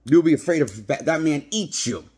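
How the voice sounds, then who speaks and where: Man doing a fat hero voice, high-pitched, whiny, taunting, pleading. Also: expressive, normal speed, a little mellow, slightly rough. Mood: mocking. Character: whiny overweight male hero mocking himself.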